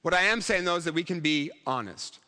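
A man's voice: on the high side, lively intonation, brisk, bright, forceful tone, in a large hall. A man preaching a sermon in a church, conversational and humorous, acting out quotes along the way. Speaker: pastor.

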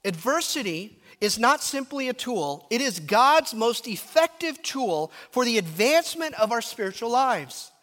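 A man's voice: extremely high pitch, a little slow, hardly any pauses. A man preaching a sermon, telling stories and dropping to a murmur at times. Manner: animated, storytelling, drops to a murmur at times. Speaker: pastor. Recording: reverberant hall.

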